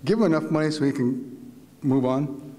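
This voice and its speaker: A man, a visiting writer, telling a story to a live audience in a university lecture hall, animated and full of restarts. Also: medium pitch, moderate pace. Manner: vivid, animated retelling with repeated restarts.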